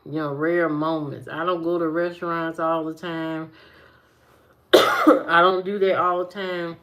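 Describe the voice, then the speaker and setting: A woman chats casually with her viewers in a lowish voice. She takes her time, repeats phrases for emphasis, drawls key words and teases them. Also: fairly bright tone. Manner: repeats phrases, playful teasing, drawn-out emphasis. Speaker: vlogger talking to viewers. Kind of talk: casual chat.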